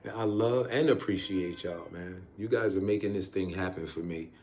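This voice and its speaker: A man's voice: sits low, normal speed, a little mellow. Laid-back American man chatting on a livestream. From United States. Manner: laid-back, chatty, laughs often, says "y'all". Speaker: travel vlogger reading live chat. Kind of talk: casual livestream chat. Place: outdoors in a city. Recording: echoey with faint ambient noise.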